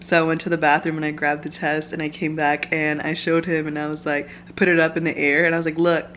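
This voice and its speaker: A woman's voice: deep voice, level tone, fast talker, fairly bright tone, a little hiss or hum. A young woman vlogging at home, telling a personal story in casual chat full of "like" fillers. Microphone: camera mic, filming herself.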